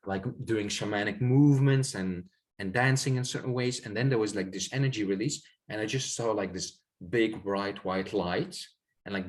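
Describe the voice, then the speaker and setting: Rambling low-voiced man. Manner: reflective, rambling, many fillers and repeated words. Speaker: guest sharing spiritual experiences. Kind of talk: casual conversation.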